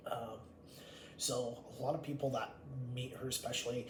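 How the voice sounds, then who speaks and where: A man's voice: medium pitch, normal speed. A man telling a rambling storytime monologue about his family, blunt and full of swearing. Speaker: vlogger. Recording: echoey room with faint ambient noise.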